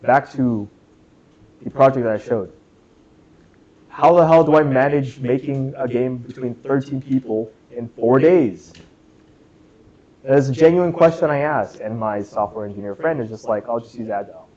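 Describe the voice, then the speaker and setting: In a classroom, a young man presents a club workshop as a casual lecture, jokey and chatty, quizzing the students and saying "right?" a lot. His medium-pitched voice is warm, measured, with long pauses, though the audio sounds dull.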